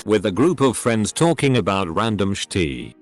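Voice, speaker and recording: Male narrator reading stories, low voice, animated pitch, soft music bed. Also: normal speed. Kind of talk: scripted story narration.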